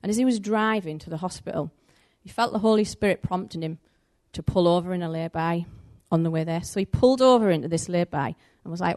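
A woman's voice: lowish voice, quick pace, hardly any pauses. Woman preaching a story-filled sermon. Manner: animated, conversational, acts out the story's voices.

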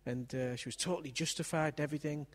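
A man's voice: fairly high pitch, fast talker. A man preaching in a church service, telling a family story in a chatty way and often ending on tag questions. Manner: conversational, leans on tag questions.

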